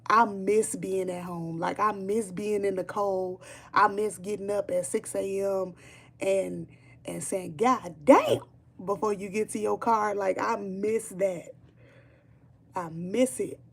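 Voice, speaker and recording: Woman, gravelly fry, casual livestream chat, emphatic, repeats herself, swears. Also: mid-range voice, fairly even intonation, takes it slowly. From Chicago, Illinois. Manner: emphatic, repetitive, swearing freely. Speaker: streamer chatting with viewers.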